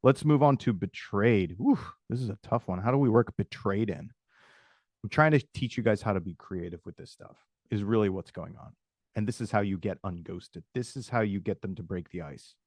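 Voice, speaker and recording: A man leads a live online coaching session, making up example messages on the spot and calling on participants by name. His voice sits low and comes across dry and close, with no room around it. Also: moderate pace, no room sound. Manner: energetic, improvises sample messages aloud, addresses attendees by name. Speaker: webinar host and sales coach. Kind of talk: live webinar teaching. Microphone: video call.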